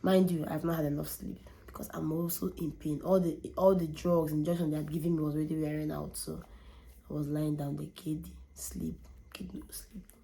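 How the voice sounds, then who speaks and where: A young woman, telling a candid personal story in an animated way and often repeating words for emphasis. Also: deep voice, a little fast, creaky, slight background noise. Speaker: vlogger.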